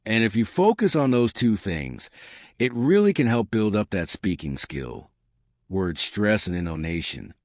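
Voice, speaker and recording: A man with a lowish voice that swings up and down in lively arcs, teaching learners at an easy, encouraging clip. He keeps checking in with his listeners as he talks. The sound is dry and close, with no room around it. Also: unhurried, no echo. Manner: encouraging, repeats "right?" to check in. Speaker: English teacher.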